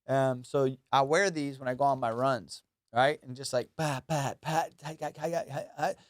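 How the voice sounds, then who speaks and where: A young man hosting a solo comedy podcast, rambling loosely and joking while high on cannabis. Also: fairly even intonation, unhurried, no echo. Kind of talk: casual solo podcast chat.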